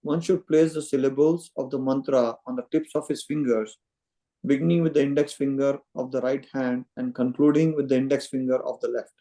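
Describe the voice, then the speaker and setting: A man's voice: medium pitch, steady tone, brisk, warm tone, rough recording. A man reading a scripture translation aloud to a study group over a call. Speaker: group participant reading verses.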